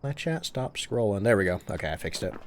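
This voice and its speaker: Lively chatty male game streamer. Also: fairly low pitch, fairly quick, slight background noise. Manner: chatty, reads chat aloud and answers questions. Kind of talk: casual live-stream gameplay chat.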